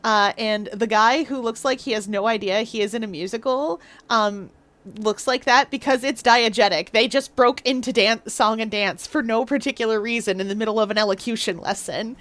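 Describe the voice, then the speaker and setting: A woman's voice: fairly high pitch, normal speed, fairly bright tone. Woman streamer, playful and rambling, casual game chat.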